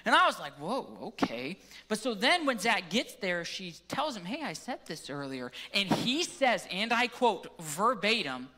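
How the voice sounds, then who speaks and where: A man's voice: high voice, very animated, measured pace, few pauses, bright, forceful tone. A man preaching a sermon into a microphone, telling a joking, self-deprecating story before reading scripture. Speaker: pastor. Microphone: handheld or stage microphone.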